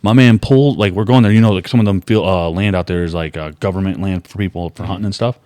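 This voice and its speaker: A low-voiced young man tells a story on a podcast, loose and chatty, jumping into the voices of the people in it. His voice sounds dry and close, with little room around it. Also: quick pace, dry recording. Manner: animated storyteller, acts out quoted voices. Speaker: podcast host. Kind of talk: casual chat, storytelling.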